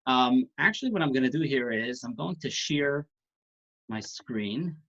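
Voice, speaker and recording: A man with a medium-pitched, expressive, slightly bright voice speaks a little slowly while casually teaching an online class. Heard over a video call with dull lo-fi audio, he talks conversationally, restarts phrases and throws in jokes now and then.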